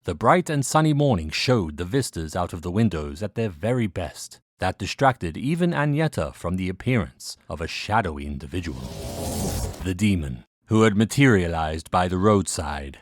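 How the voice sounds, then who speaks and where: A man giving scripted narration for a fantasy audio drama, steady and descriptive. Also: low-pitched, normal speed, no echo. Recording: narration over music.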